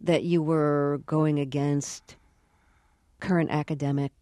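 An interviewer asking measured, slightly halting questions. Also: medium pitch, little pitch movement, warm tone, no echo.

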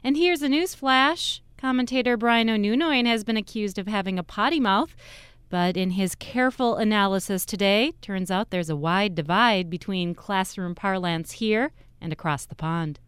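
Woman news announcer, brisk, very smooth and resonant, dry studio sound. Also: medium pitch, fairly bright tone, no echo. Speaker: radio news host. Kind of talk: news introduction.

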